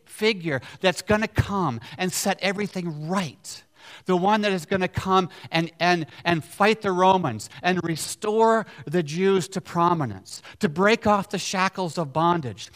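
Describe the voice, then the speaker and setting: A man's voice: on the high side, fairly bright tone. A man preaching a sermon, emphatic, repeating key words and putting questions to the congregation. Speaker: pastor.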